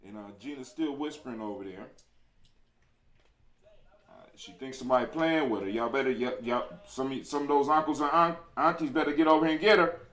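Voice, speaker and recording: A man's voice: medium pitch, fairly quick. A man hosting a live stream in a casual chat, laid-back and teasing, talking straight to his viewers. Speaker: live show host. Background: loud hip hop music.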